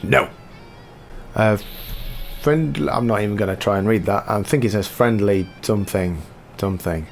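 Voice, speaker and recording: A man who chats casually in a question-and-answer video, rambling in a relaxed way with frequent ums as he reads questions aloud and answers them. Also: fairly low pitch, normal speed, gravelly, pauses often, soft background music. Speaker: guitar cover musician answering viewer questions. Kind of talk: casual Q&A chat.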